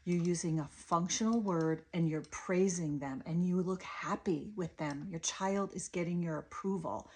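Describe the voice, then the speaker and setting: A woman's voice: fairly low pitch, moderate pace, hardly any pauses, slightly rough. A woman in her thirties, a speech-language pathologist, coaching parents and slipping into a sing-song play voice during toy demos. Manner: sing-song, animated demo voice for toddlers.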